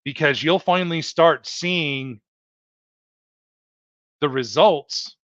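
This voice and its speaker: Slow and fairly high-pitched, with a fairly bright tone, a man hosts a livestream where he sincerely and repeatedly motivates viewers he addresses as folks. The audio is dull, lo-fi and dry.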